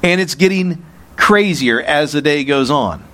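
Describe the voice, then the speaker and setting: A man's voice: a little high, lively intonation, a little slow, a bit bright. A male pastor teaching a sermon verse by verse in a conversational way, with frequent restarts and asides.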